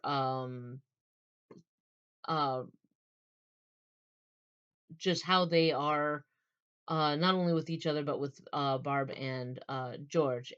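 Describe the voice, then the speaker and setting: In a casual book talk, a woman reviewer walks through a novel's cast in a low, clean-toned voice, though the recording has its highs cut off. She wanders, filling gaps and restarting often, and acts out scenes in the characters' voices.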